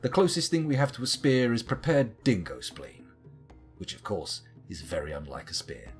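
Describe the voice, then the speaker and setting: A man's voice: lowish voice, huge pitch swings, moderate pace, faint music behind. A man streaming a game live, chatting and joking as he reads items off the screen.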